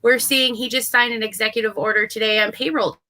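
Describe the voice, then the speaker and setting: A woman's voice: a little high, steady tone, fairly quick, pushed and bright. A woman co-hosting a casual political talk show, speaking earnestly and hopefully, often adding "right?". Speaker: co-host.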